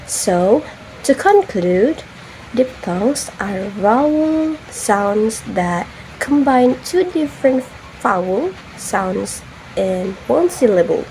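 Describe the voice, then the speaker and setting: A woman's voice: fairly high pitch, expressive, takes it slowly, a little mellow, a little hiss or hum, poor audio. A young woman giving a classroom presentation, carefully spelling out example words letter by letter. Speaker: student presenter.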